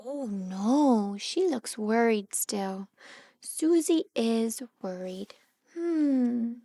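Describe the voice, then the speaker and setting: A woman speech therapist reading a picture book aloud to small children, gently animated and asking them questions as she goes. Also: fairly high pitch, very slow, dry recording, clean studio sound.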